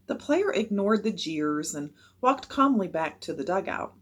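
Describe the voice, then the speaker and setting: A woman reading a children's chapter book aloud with expressive narration. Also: mid-range voice, a little slow, hardly any pauses.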